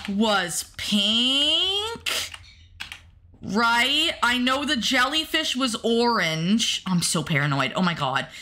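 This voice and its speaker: A woman's voice: mid-range voice, bright, forceful tone, slight background noise. A woman streamer playing a horror game, chatting to her viewers and yelping when startled. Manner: jumpy, talks to the chat and the game, yelps when startled. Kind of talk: casual gameplay commentary to chat.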